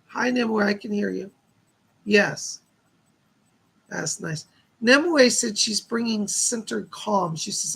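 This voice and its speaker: A man's voice: high-pitched, vocal fry, a bit bright, husky. A man hosting a live stream as a psychic medium, giving earnest, reassuring readings and thanking donors with blessings.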